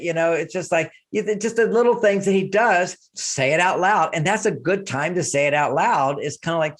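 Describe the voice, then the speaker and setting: Older man with a high voice. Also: moderate pace. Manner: animated, acts out quoted speech with laughs. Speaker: relationship author, guest. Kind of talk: casual interview talk.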